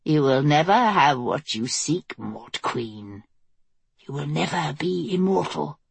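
A woman voicing a low, menacing dark creature. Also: animated, takes it slowly, creaky, breathy edge, no room sound, heavily acted. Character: sinister giggling inhuman dark creature.

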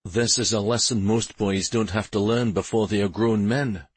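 A man voicing a loyal soldier friend who speaks in a gentle, low-key way. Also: fairly even intonation, normal speed, breathy edge, dry recording.

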